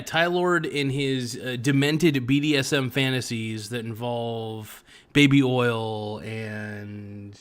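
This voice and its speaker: A man's voice: medium pitch, fairly bright tone. A man as a podcast guest in casual chat, crude, joking and rambling.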